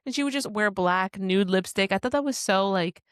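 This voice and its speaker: A woman co-hosting a podcast in casual book chat, animated, often acting out characters' lines and swearing freely. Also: mid-range voice, moderate pace, clear, resonant tone, no room sound, studio quality. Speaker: podcast co-host.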